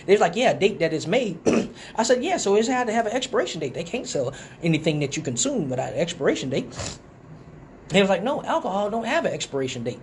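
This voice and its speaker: A man's voice: a little fast, slight background noise. A man telling a profane story on a live stream, acting out quotes. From Detroit. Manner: animated, profane, acts out quotes in a higher voice. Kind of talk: casual storytelling.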